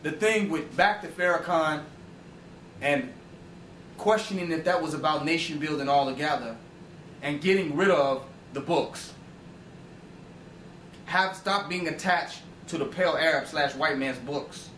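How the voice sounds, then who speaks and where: A man's voice: a little high, unhurried, long pauses, a bit bright, far from the mic. A man with a slightly raised voice gives an emphatic, profane lecture and keeps checking in with rhetorical questions. He sounds set back from the mic, and his voice rings around a reverberant room with a faint hum behind it. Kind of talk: informal lecture. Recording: roomy echo, voice away from the mic.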